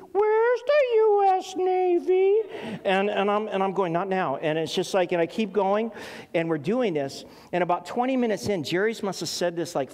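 A middle-aged man preaching a sermon in a conversational, animated way, telling stories with many ums and restarts. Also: mid-range voice. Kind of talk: sermon with personal storytelling. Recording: long hall reverb.

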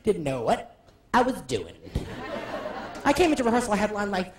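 Camp, animated stand-up comedian man. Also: very high-pitched, background noise. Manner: camp, animated, rapid asides. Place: live comedy venue. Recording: echoey live room with audience.

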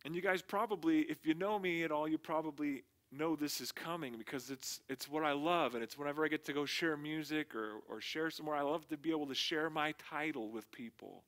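A pastor preaches a laid-back sermon to what sounds like a small congregation, easygoing and conversational, tossing in slang. His voice sits a little higher than most men's, a bit bright, and he talks a little fast with hardly any pauses.

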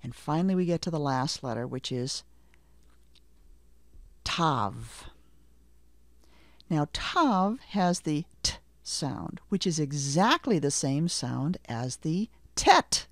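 A middle-aged woman teaching a language lesson, slowly and deliberately saying letter names and asking the listener to repeat after her. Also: low-pitched, lively intonation, no echo. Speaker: Hebrew teacher. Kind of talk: slow, careful language lesson with repetition drills.

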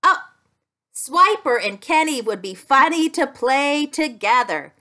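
A woman speech-language pathologist leading a playful children's lesson in an animated, sing-song, exclamatory way. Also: high-pitched, slow pace.

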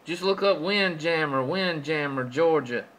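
A man's voice: on the high side, unhurried, a bit bright, poor audio. A man trading folksy CB radio chatter with other operators, drawing out his calls and repeating his stock phrases.

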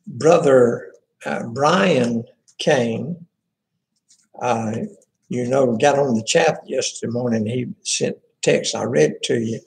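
A pastor talks his congregation through prayer requests in a homey, halting manner, full of fillers and restarts. His voice has a gravelly edge. He takes his time. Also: mid-range voice, low-quality recording. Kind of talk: informal church prayer-request talk.

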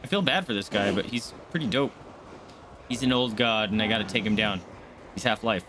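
A man streaming a game and commenting live, excitable, yelping and swearing as he plays. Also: fairly low pitch, fairly quick, noisy background. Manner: excitable, yelps and swears mid-fight. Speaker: gaming streamer.

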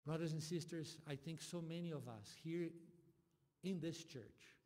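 A male pastor delivers an impassioned sermon, his voice sitting a little high for a man. He drops to near-whispers and then climbs into loud, urgent appeals. Long reverb from the church sanctuary trails every phrase. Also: a little slow. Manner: impassioned, swings from soft to loud.

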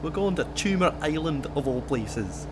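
A man's voice: on the high side, lively intonation, moderate pace, noisy background, close to an everyday voice. A man voicing a cautious, polite man who worries in a proper-sounding way. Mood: worried.

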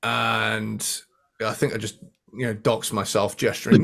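A man's voice: lowish voice, level tone, a little slow, creaky, crowd noise. Swearing, riff-humming man chatting. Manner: enthusiastic, sings riffs and swears casually. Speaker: podcast co-host. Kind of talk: casual chat.

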